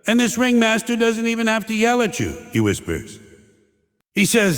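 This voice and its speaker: A man's voice: high voice, wildly swooping pitch, moderate pace. An older man delivering a sardonic stand-up monologue, mocking and ranting in punchy short lines. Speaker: stand-up comedian. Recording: long hall reverb.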